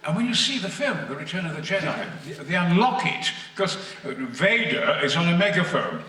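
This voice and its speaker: A man guest at a convention panel, telling stories to the audience in a booming, theatrical way, heard from far off in an echoey hall. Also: lively intonation, moderate pace, bright, forceful tone. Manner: booming, theatrical, acts out voices. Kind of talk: anecdotal storytelling to an audience.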